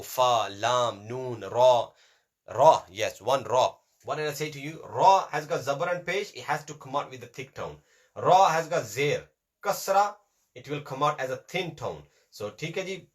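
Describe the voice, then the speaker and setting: A man's voice: medium pitch, normal speed. Patient man drilling letter sounds. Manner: patient, drills sounds by repetition, mixes in brief Hindi-Urdu asides. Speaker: Quran reading teacher. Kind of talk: teaching a class on letter pronunciation.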